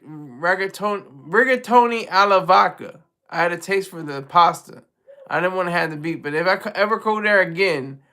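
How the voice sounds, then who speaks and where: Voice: medium pitch, sharp tone. A live-stream host chatting casually with viewers, rambling, restarting sentences and laughing often. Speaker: livestream host.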